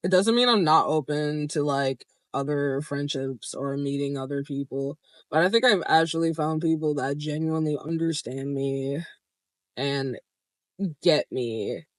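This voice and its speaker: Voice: medium pitch, unhurried, dry recording. A young adult vlogger telling a story in a casual, candid way, swearing freely and laughing now and then.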